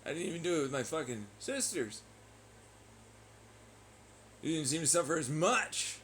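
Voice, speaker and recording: A man's voice: a little high, big pitch swings, moderate pace, fairly bright tone, a little hiss or hum, poor audio. A man vlogging in a profane, sarcastic and taunting rant. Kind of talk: ranting monologue.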